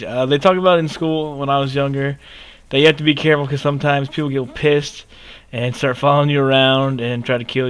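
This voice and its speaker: A man in his twenties telling a story in a casual, animated way over gameplay, with lots of cursing and emphasis. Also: mid-range voice, smooth. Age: 20s. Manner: animated, profane, emphatic ranting. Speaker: gaming video creator.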